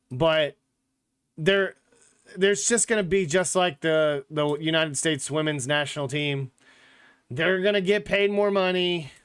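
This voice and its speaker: A man's voice: a little high, a bit bright, clean tone. A man hosting a sports podcast, chatting casually with blunt, joking opinions and lots of rambling filler. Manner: rambling, filler-heavy talk with frequent "like" and "literally".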